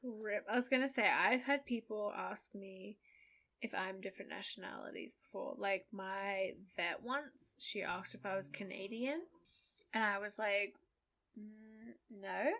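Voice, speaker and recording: An Australian woman co-hosting a podcast, chiming in with quick remarks and telling chatty anecdotes. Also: mid-range voice, bright, forceful tone. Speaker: podcast co-host. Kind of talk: casual chat.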